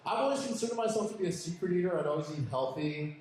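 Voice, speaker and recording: A man's voice: expressive, fast talker, a little mellow. A man performing a stand-up comedy set with a campy, sassy delivery. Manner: campy, sassy punchlines with high squealing voices for quoted lines. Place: comedy club stage. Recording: echoey club with audience noise. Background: audience laughter.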